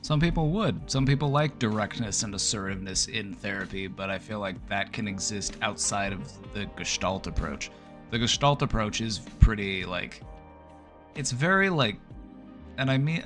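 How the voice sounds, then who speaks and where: A man's voice: on the low side, lively intonation, normal speed, a bit bright, faint music behind. A man hosting a mental health Q&A in a casual, chatty way, with many fillers and laughs at his own jokes. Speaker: host answering viewer questions. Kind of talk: casual chat.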